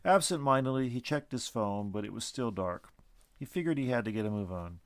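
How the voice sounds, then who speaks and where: A man narrates a storybook with an animated, expressive reading. His pitch sits mid-range for a man but moves a lot, and the recording is close and dry with no room sound. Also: brisk, no echo.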